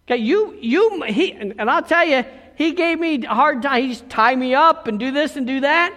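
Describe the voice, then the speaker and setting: This pastor's very high, fairly bright voice moves at normal speed with hardly any pauses, echoing through long hall reverb. Preaching a sermon, he relates a personal story in a conversational way and keeps checking in with the congregation.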